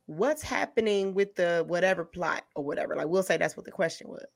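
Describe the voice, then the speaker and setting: A woman's voice: lowish voice, fairly quick, gravelly. A woman hosting a podcast, telling stories in casual chat and laughing often as she talks. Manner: laughs often, animated storytelling. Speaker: podcast host.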